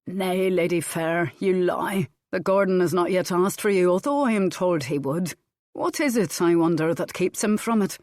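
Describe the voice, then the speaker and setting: A woman voicing a bold, teasing male Scottish laird in an audiobook, by turns dry and softly wooing. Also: lowish voice, moderate pace, no echo, natural voice. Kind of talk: audiobook character reading.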